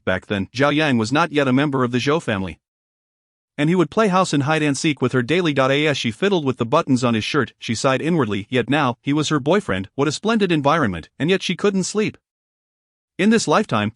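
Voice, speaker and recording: A man giving steady, smooth audiobook narration of a romance novel. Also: mid-range voice, dry recording, clean studio sound.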